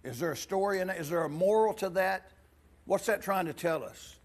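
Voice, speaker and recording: A pastor whose voice is high-pitched and a little fast delivers a playful children's sermon in a church sanctuary. He reads a storybook aloud and peppers the kids with questions.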